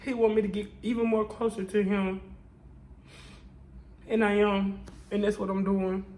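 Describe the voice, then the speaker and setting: A woman's voice: mid-range voice, little pitch movement, unhurried, mellow, low-quality recording. A woman speaking straight to her viewers in an emotional confessional vlog. She sounds tearful and talks in a prayerful, testifying way, repeating her lines over and over. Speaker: vlogger.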